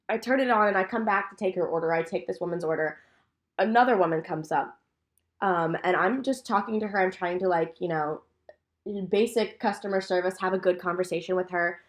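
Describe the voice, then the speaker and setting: A young woman co-hosting a casual podcast, telling a work story in animated detail and swearing freely. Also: lowish voice, brisk. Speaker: podcast co-host. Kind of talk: casual chat.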